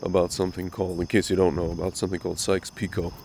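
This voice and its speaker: A man hosts a rambling, opinionated religious commentary monologue, speaking straight to his viewers with a voice slightly nasal from a recent cold. His deep, gravelly voice races along in a flat, darkish delivery, over a little hiss or hum.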